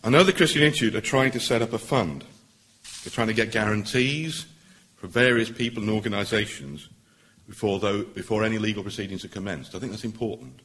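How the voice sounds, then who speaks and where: Deep-voiced barrister addressing a meeting. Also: male voice, fairly bright tone. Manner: earnest, persuasive, emphatic with pauses. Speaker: barrister speaking at a public meeting. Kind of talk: public speech.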